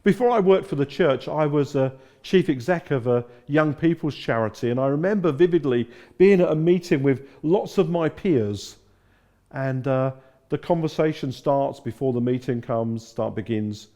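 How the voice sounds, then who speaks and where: A man's voice: mid-range voice, normal speed, warm tone, highs cut off. A middle-aged man from England preaching a sermon, telling stories and acting out the quotes. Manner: storytelling with acted-out quotes. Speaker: pastor.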